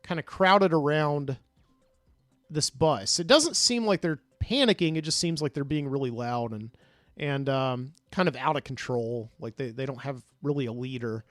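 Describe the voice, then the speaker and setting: A man's voice: mid-range voice, moderate pace, a bit bright, no echo, studio quality, faint music behind. A man, a podcast host, casually recounting a dream in a rambling way, full of fillers and restarts.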